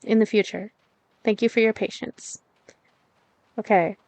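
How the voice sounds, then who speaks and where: A woman's voice: medium pitch, fairly even intonation, measured pace, a little mellow, dry recording. A young woman giving casual, bubbly let's-play commentary as she plays a game, giggling and cooing at the animals on screen. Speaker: gameplay streamer.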